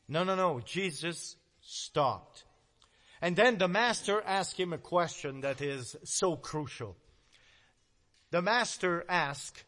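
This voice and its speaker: A man preaching a sermon, dramatic, swinging between loud emphasis and hushed low words. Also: expressive, slow pace. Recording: long hall reverb.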